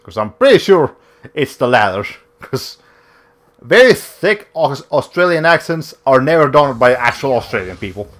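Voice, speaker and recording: A man's voice: mid-range voice, fairly bright tone. A young man giving casual, rambling commentary while streaming a video game, often cutting himself off mid-sentence. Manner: rambling, self-interrupting, with many fillers.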